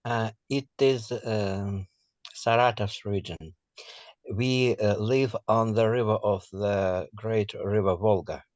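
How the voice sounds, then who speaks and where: A man speaking careful, halting English as a student in an online class. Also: on the low side, fairly even intonation, darkish tone, no echo. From Russia. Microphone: video call.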